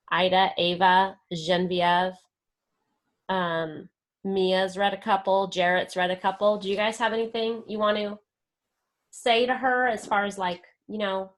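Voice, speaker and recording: A woman teacher hosting an author visit, leading a class question and answer session and laughing often. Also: mid-range voice. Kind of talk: classroom Q&A moderation.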